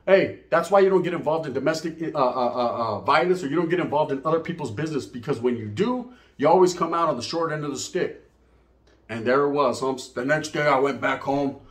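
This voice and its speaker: A middle-aged man telling a profane, streetwise story to camera as a channel host, mixing in Spanish slang and asking "right?" often. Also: a little high. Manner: says "right?" and "you know what I mean?" often. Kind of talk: casual storytelling monologue.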